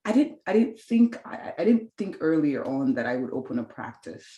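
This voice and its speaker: A woman's voice: sits low, sing-song, normal speed, mellow, echoey room. A woman in her thirties, a physician and clinic founder, tells her story with candid earnestness in an interview and acts out her own past thoughts. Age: 30s.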